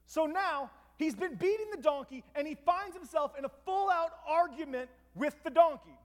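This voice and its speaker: Male preacher with a very high voice, animated storytelling sermon, long hall reverb. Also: normal speed. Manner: lively, dramatic retelling with asides to listeners.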